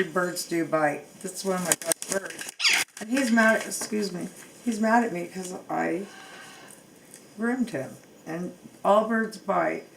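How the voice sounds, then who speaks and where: A woman demonstrating how to trim a pet bird's wings at home, speaking haltingly with fillers and restarts. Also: fairly low pitch, gravelly, low-quality recording. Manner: coos softly to her bird. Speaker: bird owner demonstrating grooming. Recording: loud background noise.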